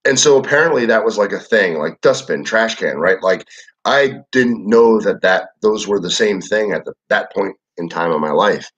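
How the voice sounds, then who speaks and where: A young man from Michigan, hosting a casual livestream and reading the chat. He talks in a rambling, relaxed way, with lots of filler words and swearing. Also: lowish voice, normal speed, slightly rough. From Michigan, USA. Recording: dull lo-fi audio.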